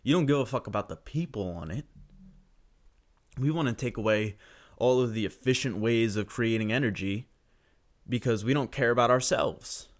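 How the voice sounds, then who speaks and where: A man's voice: mid-range voice, moderate pace. A young man ranting profanely and sarcastically through a solo podcast monologue.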